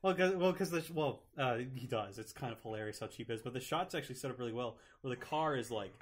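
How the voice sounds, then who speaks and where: A man's voice: mid-range voice, animated, fast, a little hiss or hum. A man co-hosting a casual movie podcast, rambling and correcting himself as he gushes over film effects. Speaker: podcast co-host.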